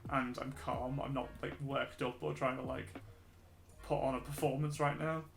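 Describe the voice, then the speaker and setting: A man's voice: mid-range voice, flat delivery, normal speed, creaky. A British man with a mixed Midlands and Scouse accent, chatting loosely and laughing easily while drawing on a stream. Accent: mixed English, Midlands and Scouse. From Britain. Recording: roomy echo, faint music.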